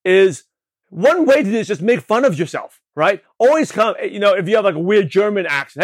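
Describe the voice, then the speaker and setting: A man from Brooklyn, New York, hosting a show and giving an energetic motivational talk on network marketing, with a slight lisp, often checking in with the listener. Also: high voice, fairly quick, no room sound. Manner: energetic, repetitive, asks the listener questions. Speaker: podcast host, network marketing coach.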